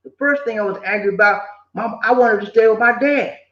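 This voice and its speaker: Older guy, high pitched, preachy life-advice vlogger, echoey room, muffled lo-fi. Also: a little fast. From southern United States. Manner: preachy, animated, repeats himself, slips in quoted voices. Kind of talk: casual motivational talk. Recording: echoey room, dull lo-fi sound.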